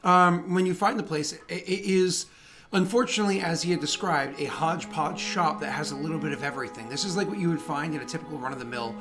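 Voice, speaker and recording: Guy running a tabletop game, kinda highish voice, lots of ums, faint music behind. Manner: halting, many fillers and restarts. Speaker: game master.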